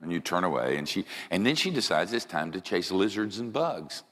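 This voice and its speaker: A deep-voiced man preaching in a large church, with a lively, swooping delivery. His tone is jokey and animated, and he jumps into high yells as he tells funny stories. Long reverb trails behind every line. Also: brisk. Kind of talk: humorous sermon storytelling.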